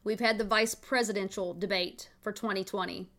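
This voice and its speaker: A woman's voice: mid-range voice, steady tone, normal speed, a bit bright. A middle-aged woman, hosting a podcast and telling a family story in a chatty, folksy way. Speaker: podcast host.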